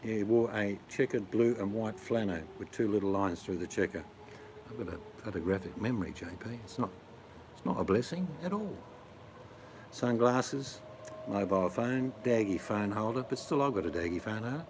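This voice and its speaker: A man's voice: on the low side, expressive, normal speed, background noise. A middle-aged man with an Australian accent, chatting casually and jokingly with his viewers. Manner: blokey, joking, rambling. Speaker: vlogger answering chat. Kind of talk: casual chat.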